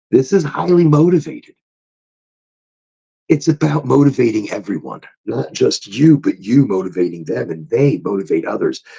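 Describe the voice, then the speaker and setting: Gravelly, animated man hosting a podcast. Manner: animated, swoops into high excited tones when retelling stories. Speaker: podcast host. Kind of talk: casual motivational monologue. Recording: dull lo-fi recording.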